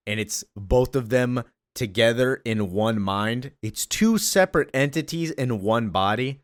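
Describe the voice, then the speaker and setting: An excited man recapping a comic in a loose, gushing way, full of fillers. His voice sits at an ordinary middle pitch. It is recorded dry and close to the mic. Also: measured pace, no room sound. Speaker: comic book reviewer. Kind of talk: casual enthusiastic comic recap.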